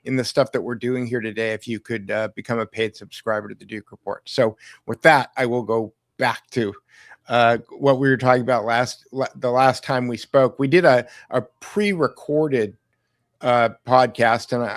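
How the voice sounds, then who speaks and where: A man's voice: mid-range voice, fairly even intonation, normal speed, dry recording. A man hosting a podcast in a casual conversational style, often repeating words as he starts a thought. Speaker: podcast host.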